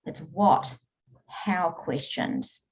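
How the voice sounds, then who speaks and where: A woman coach telling stories in an interview, earnest and animated. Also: fairly low pitch, very slow. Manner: earnest, animated storytelling with frequent laughs. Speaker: guest, emotional eating coach. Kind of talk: conversational interview. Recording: dull lo-fi audio.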